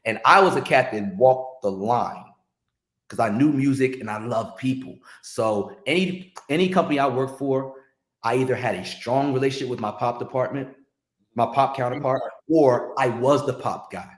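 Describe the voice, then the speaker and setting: A man, a longtime record promotion rep, telling stories in a casual interview in an animated, slangy way. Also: medium pitch, moderate pace, reverberant. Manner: animated, slangy, restarts when excited.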